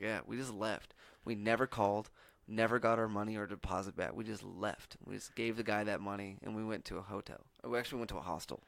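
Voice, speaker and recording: A man's voice: lowish voice, gravelly, a bit bright, dry recording. A young man, rambling through a story on a podcast, swearing and laughing as he goes. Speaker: podcast co-host. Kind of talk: casual storytelling chat.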